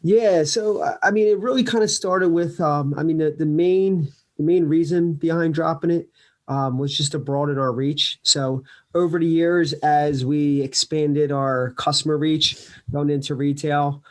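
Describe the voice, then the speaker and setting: A man with a New Jersey accent, a company founder answering interview questions in an earnest, measured way. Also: fairly high pitch, fairly even intonation. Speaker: podcast guest, company founder. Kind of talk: casual interview.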